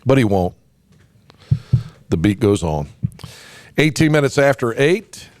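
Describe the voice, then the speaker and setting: Opinionated talk radio host. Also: male voice, medium pitch, very animated, unhurried, darkish tone, no room sound. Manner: folksy, emphatic, many fillers and restarts. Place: radio studio. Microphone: studio microphone.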